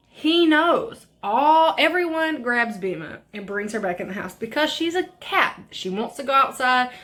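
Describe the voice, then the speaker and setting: A woman's voice: fairly high pitch, fairly bright tone. Rambling, swearing woman beauty vlogger. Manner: rambling, profane storytelling. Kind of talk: casual makeup tutorial chat.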